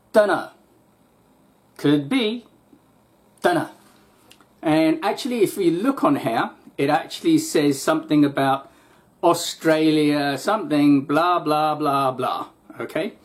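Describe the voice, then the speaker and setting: A man's voice: on the high side, a little mellow. A man telling a long, rambling story to camera in a casual vlog rant, correcting himself often and growing exasperated. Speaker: vlogger.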